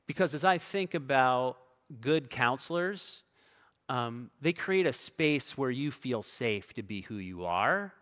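A male pastor delivers a sermon in a relaxed, storytelling manner, his voice moving between soft asides and louder bursts. His pitch sits mid-range for a man. The sound carries the long reverb of a big church hall. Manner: conversational storytelling, varying loud and soft.

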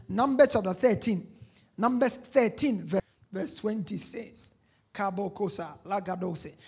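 A preacher with a husky, breathy voice works through scripture in a sermon. The delivery swings from quiet, low lines to sudden shouts, with phrases repeated for emphasis. The preacher keeps calling on the congregation to answer back. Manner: call-and-response with the congregation; reads scripture aloud and repeats key phrases.

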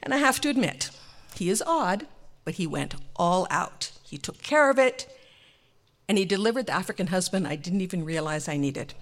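Woman doing a funny story, lively up and down voice, laughing a lot. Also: on the low side, normal speed. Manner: animated, laughs often. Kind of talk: live comic storytelling.

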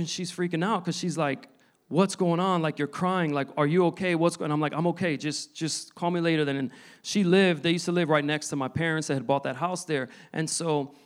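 A man in his thirties preaching a sermon, telling his testimony in an earnest, halting way with many restarts. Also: on the high side.

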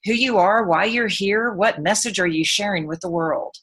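A woman's voice: mid-range voice, moderate pace, a bit bright, slightly rough. A woman from Texas with a Texan accent, hosting a radio show about living authentically, moving from a scripted opening to upbeat, chatty interviewing. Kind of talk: scripted intro then casual interview.

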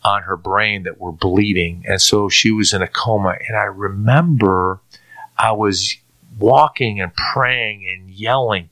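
A middle-aged man giving a personal faith testimony in an earnest, halting way, often restarting and repeating words. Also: fairly low pitch, pushed and bright. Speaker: testimony speaker.

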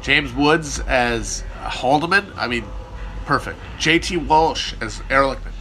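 Bright-voiced irreverent male streamer. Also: medium pitch, slow, a little hiss or hum. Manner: irreverent, profane, riffing, jokey. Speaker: livestream host answering chat. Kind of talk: casual rambling chat.

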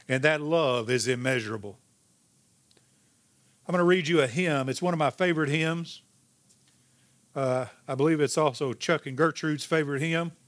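A man preaching a sermon as pastor, emphatic, rising in pitch and then dropping to a hushed, slow delivery. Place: church sanctuary.

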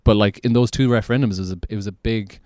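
Rambling Irish man, low voice. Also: fairly even intonation, racing, darkish tone, dry recording, studio quality. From Ireland. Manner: rambling, many restarts and "like" fillers. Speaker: podcast host. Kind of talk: casual podcast chat.

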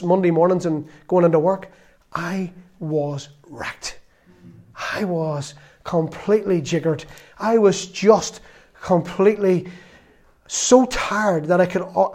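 Man, 50s, preacher, sermon, earnest, conversational, slightly high voice. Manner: earnest, conversational, dropping to soft confession.

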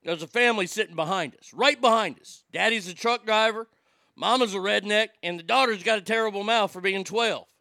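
Gravelly, high-voiced man on a rant. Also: brisk, sharp tone, no echo, studio quality. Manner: heated, swearing, indignant. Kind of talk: profane storytelling rant.

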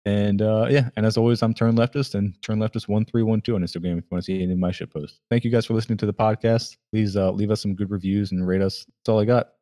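A man hosting a podcast in casual chat, relaxed and a bit profane, with many fillers. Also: lowish voice, fast, few pauses. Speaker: podcast host.

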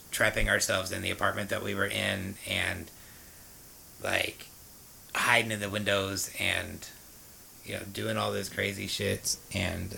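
A man's voice: low voice, vocal fry, pushed and bright, slight background noise, poor audio. A man frankly telling the story of his past drug use, rambling with fillers and restarts. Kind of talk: candid personal storytelling.

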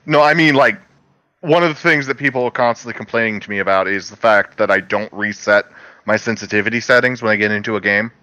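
A young man from Louisiana in casual podcast chat, telling stories with quick silly voices. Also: on the low side, no room sound, lo-fi sound. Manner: animated storyteller doing quick silly voices.

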